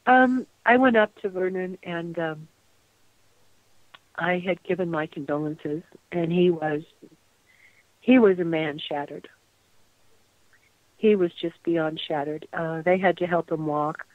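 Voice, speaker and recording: A woman's voice: fairly low pitch, steady tone, slow, long pauses, dry recording. Older woman, interview guest, reflective and repetitive, tinny phone-line sound, dry. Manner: reflective, repeats phrases, trails off. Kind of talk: reminiscing radio interview.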